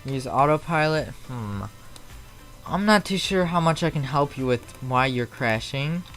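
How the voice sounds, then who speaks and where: A man's voice: mid-range voice, animated, unhurried, a bit bright, soft background music. A man streaming a flight simulator from home, chatting loosely and answering viewers' messages aloud as they come in. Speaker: flight sim live streamer. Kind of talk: casual live-stream chat.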